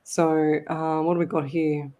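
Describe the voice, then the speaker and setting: A woman hosting a live psychic radio show, reading listener comments aloud and giving readings with hesitant pauses. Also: low voice, level tone, mellow, muffled recording. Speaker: psychic medium host.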